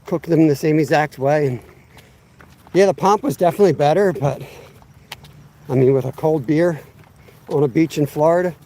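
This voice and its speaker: Out by the water on a fishing live stream, a chatty host in his fifties rambles along and makes fun of himself. His slightly high, dark-toned voice moves at normal speed with frequent pauses, picked up by a tripod-mounted camera.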